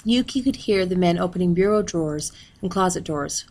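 A woman reading a novel aloud in a steady, plain narrating manner. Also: fairly low pitch, fairly quick. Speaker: reader.

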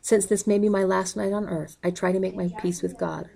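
A woman reading a novel aloud in a calm, even way, calling out the page numbers as she goes. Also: medium pitch, fairly quick, vocal fry, rough recording. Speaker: audiobook reader.

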